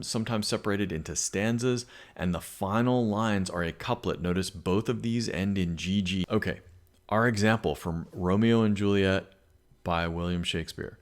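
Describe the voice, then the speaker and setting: A man's voice: low voice, moderate pace. A male English teacher giving a recorded lesson, explaining patiently and reading poems aloud, with frequent fillers.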